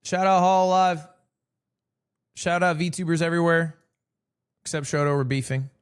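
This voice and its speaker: A man's voice: on the high side, normal speed, clear, resonant tone. A man streaming live, chatting casually and telling jokey stories with lots of swearing. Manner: animated, joking storyteller with frequent swearing.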